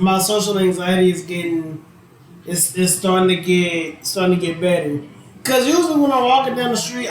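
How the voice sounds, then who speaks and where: A man hosting a podcast, telling a funny story in casual chat, laughing and acting out what people said. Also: high voice. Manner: animated storyteller, laughing, swearing, acts out quotes. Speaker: podcast host. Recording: very echoey room.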